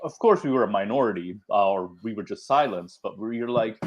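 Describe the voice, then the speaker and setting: A man's voice: fairly low pitch, expressive, a little fast, muffled recording, a little hiss or hum. A man guest in a casual discussion, speaking in a reflective way as he recalls past events. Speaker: podcast guest.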